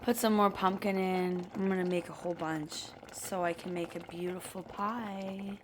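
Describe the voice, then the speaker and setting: A woman's voice: fairly low pitch, fairly even intonation, moderate pace, a little hiss or hum. A woman vlogging from her home kitchen while baking, chatty and playful, laughing often. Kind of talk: casual kitchen vlog.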